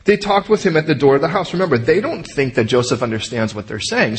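A man teaching a sermon verse by verse, animated, often acting out the characters' lines in his own voice. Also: on the high side, fast talker, a little hiss or hum. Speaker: pastor.

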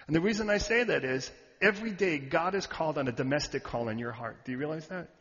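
Man preaching, high voice, very animated pitch, dull lo-fi sound. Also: fast talker. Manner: animated, asks the audience questions. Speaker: pastor. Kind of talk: sermon. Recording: reverberant hall, dull sound.

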